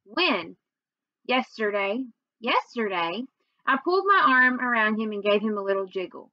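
A woman's voice: a little high, very animated, fast, dry recording, muffled recording. A woman teacher reading chapters of a novel aloud to her students, summing up first with many fillers before reading on steadily. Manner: recaps with many fillers, then reads steadily.

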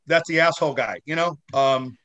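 A man with a slightly raised pitch talks loosely and at length as a guest, circling back on himself with restarts and curse words. He is still shaken after a head injury, and it shows in the way his sentences wander before they land. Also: moderate pace, pushed and bright, highs cut off. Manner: rambling, many restarts, swears freely. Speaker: actor guest. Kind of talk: casual interview chat.

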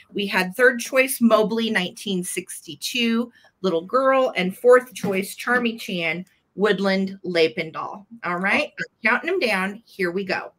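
Woman running a live vintage sale, super chatty n gushy, bright voice. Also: medium pitch. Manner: chatty and gushing, fond little words. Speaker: host selling vintage items live. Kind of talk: live sale chat, describing items.

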